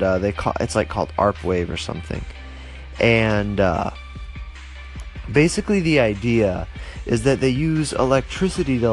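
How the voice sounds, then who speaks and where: Rambling young man telling stories. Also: fairly low pitch. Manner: rambling, many fillers and restarts. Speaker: vlogger. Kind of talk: casual storytelling to camera.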